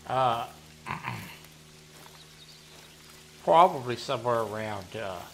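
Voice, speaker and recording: A man, chatting casually while playing a hunting game, rambling and often clearing his throat. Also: mid-range voice, expressive, slow pace, fairly bright tone, a little hiss or hum. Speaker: gaming streamer running a members' community.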